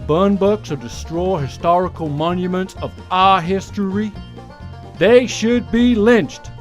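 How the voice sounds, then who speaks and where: A man's voice: sits high, measured pace, faint music behind, voice pushed up. A man putting on a blustering Southern politician drawl. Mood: indignant. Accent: put-on Southern American. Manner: loud, pompous, declaiming.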